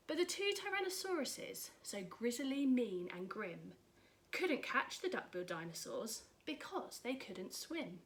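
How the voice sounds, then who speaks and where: A woman reading a rhyming picture book aloud in an expressive, rhythmic way. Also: on the high side, a little slow. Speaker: storyteller.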